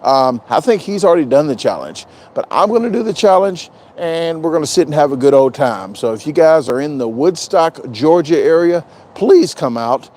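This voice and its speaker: Guy rambling on a live stream, fairly high voice, jokey, keeps repeating himself. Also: lively intonation, normal speed, hardly any pauses, darkish tone. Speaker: vlogger doing a live stream. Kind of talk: casual live stream chat.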